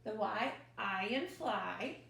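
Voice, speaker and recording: A woman teacher, leading young children through a phonics review with slow, drawn-out drills and cheerful asides, recorded at home. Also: mid-range voice, lively intonation, gravelly, fairly bright tone. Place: home, at her mother's desk. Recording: echoey room.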